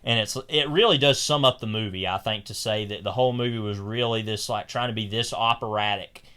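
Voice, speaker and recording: A man's voice: fairly low pitch, brisk, pushed and bright, clear, resonant tone. A young man co-hosting a podcast, talking through a film in a casual, rambling way with many fillers and restarts. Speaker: podcast co-host.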